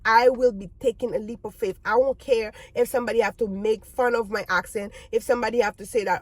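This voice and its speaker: A non-native English-speaking woman vlogging earnest advice to her viewers, halting and repeating words as she restarts her sentences. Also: a little high, steady tone, dry recording. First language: not English. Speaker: YouTuber.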